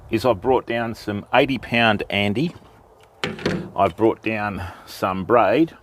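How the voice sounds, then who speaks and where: An older Australian man with an ordinary mid-range voice hosts a fishing livestream outdoors by the water. He chats in a relaxed, easygoing way and greets his viewers one by one. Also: mid-range voice. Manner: laid-back, greets viewers by name. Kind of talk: casual live-stream chat.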